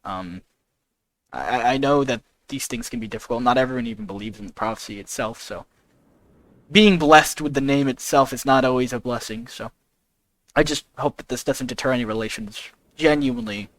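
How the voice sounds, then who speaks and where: A man's voice: medium pitch, moderate pace, fairly bright tone, no echo, poor audio. A man playing his character in a tabletop game, speaking earnestly with hesitant restarts. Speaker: player. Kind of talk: in-character role-play.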